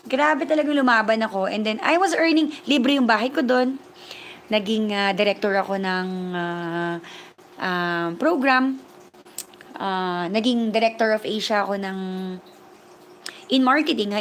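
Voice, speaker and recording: A woman from the Philippines with a Filipino accent, hosting a chatty livestream as a language teacher. She has a fairly high voice and mixes English with Tagalog as she answers viewers. A faint hum of noise sits under her voice. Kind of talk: livestream chat reading viewer comments.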